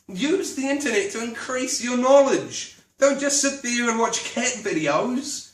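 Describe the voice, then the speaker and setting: A drunk woman rants in a casual vlog, indignant, sweary and rambling. Her voice sits high, and she sounds set back from the mic in an echoey room. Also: animated, unhurried, distant mic. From New Zealand. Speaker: vlogger. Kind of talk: casual ranting monologue.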